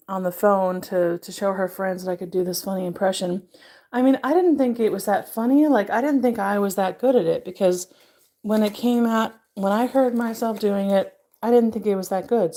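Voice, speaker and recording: A woman's voice: medium pitch, warm tone. A woman showing her art journal in a casual, rambling vlog, chatty and self-amused. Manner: chatty, rambling, laughing at herself. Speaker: artist and video maker. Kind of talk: casual show-and-tell vlog.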